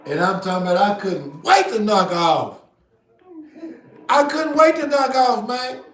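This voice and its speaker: Loud profane high-voiced man in echoey room. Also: measured pace. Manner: profane, animated, bursts into loud outbursts. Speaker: podcast host. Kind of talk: casual storytelling chat. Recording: roomy echo.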